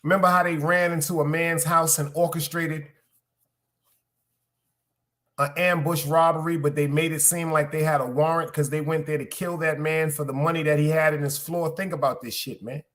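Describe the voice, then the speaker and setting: Bright-voiced Brooklyn man, casual live-stream. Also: on the high side, fairly even intonation, a little fast, few pauses. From Brooklyn, New York. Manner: profane, rambling, talks straight to viewers. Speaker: podcast host streaming live.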